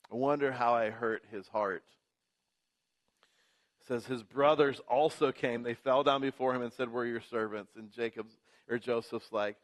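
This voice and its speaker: A pastor preaching a sermon in church, building emphasis through rhythmic repetition. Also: male voice, mid-range voice, steady tone, moderate pace.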